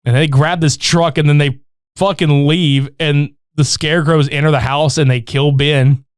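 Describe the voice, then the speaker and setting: A man's voice: on the high side, normal speed, smooth, no room sound, studio quality. A man recapping a horror movie in casual, profane chat, acting out the characters' lines. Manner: animated, swearing, acts out characters' lines.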